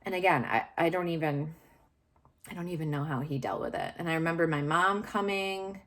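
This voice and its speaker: A woman with a notably low voice speaks straight to camera in a candid, confessional way. She searches for her words, circles back and restarts often. It sounds unscripted and personal. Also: fairly quick, a bit bright. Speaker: vlogger sharing personal story.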